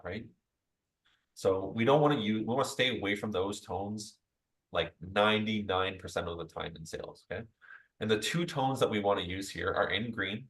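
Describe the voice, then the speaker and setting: Man, sales trainer, lowish pitch, conversational, upbeat, talks straight to the group. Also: fairly bright tone, rough recording. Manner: chatty, tags most points with "right?"; upbeat coaching tone, addresses group directly. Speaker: real estate sales trainer.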